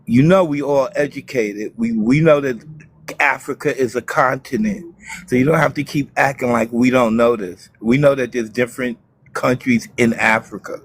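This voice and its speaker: A man arguing on a debate panel, firm and measured, with some exasperation. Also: medium pitch.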